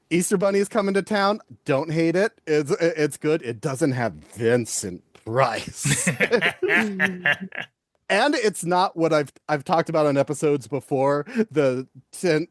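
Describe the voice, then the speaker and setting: A man's voice: fairly high pitch, dry recording, clean studio sound. A man chatting as a podcast guest, enthusiastic and laughing often. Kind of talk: casual podcast chat.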